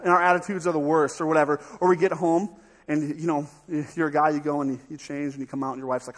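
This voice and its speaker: High, husky-voiced American pastor preaching. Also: male voice, fast talker. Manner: energetic, jokey, acts out voices. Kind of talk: sermon. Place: church sanctuary.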